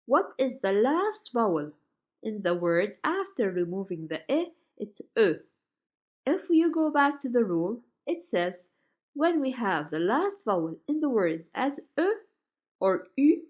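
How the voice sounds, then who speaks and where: A woman teaching Turkish grammar from slides, saying each example word slowly and carefully. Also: fairly high pitch, sing-song, a little mellow. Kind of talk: slide-based grammar lesson.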